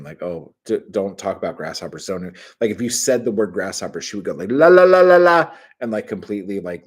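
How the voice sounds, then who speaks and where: A middle-aged man hosting his own livestream, chatting casually, rambling and swearing with sudden bursts of excitement. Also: low-pitched, husky. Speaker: channel host.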